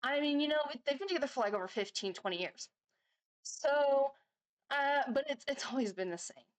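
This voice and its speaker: A woman's voice: sits high, animated, moderate pace. A woman in her thirties, a reaction vlogger chatting casually, rambling through stories with lots of fillers and restarts. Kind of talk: casual chat.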